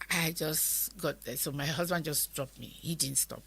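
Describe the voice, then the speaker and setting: A middle-aged Nigerian woman recounts a personal story as an interview guest. Her voice sits low and carries a gravelly, husky edge, yet it stays bright and forceful. She brings the story to life by voicing the other people in it. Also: normal speed. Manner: vivid retelling that acts out others' words.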